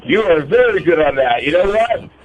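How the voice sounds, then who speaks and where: Man, radio caller, high voice, muffled phone line, faint noise. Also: sing-song, moderate pace.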